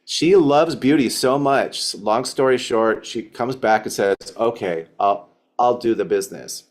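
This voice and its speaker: A man speaks to his sales team in a motivational talk. He tells a story with energy and acts out the quoted voices by jumping up in pitch. His voice sits at an ordinary middle pitch for a man. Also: a little slow. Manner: animated storytelling, acting out quotes in higher voice.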